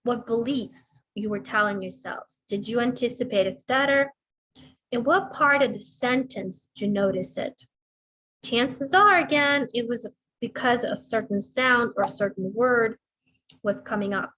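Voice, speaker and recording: A middle-aged woman speech therapist giving a slow, deliberate instructional talk, demonstrating intonation as she explains. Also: fairly high pitch, sharp tone, rough recording.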